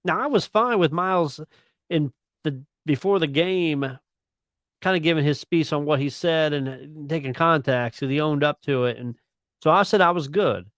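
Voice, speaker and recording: A man's voice: a little high, normal speed, fairly bright tone, no echo. A man co-hosting a sports radio show, blunt and opinionated as he rants about games. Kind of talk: casual sports chat.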